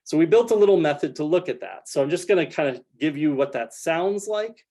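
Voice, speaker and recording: A man delivers a science lecture in a lecture room, walking listeners through his data step by step. His voice sits a little high for a man, and his explanations are careful and full of small fillers. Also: expressive, fairly quick, warm tone. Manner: explanatory, frequent hedging fillers like "kind of". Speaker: researcher giving a talk. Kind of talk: academic lecture with slides.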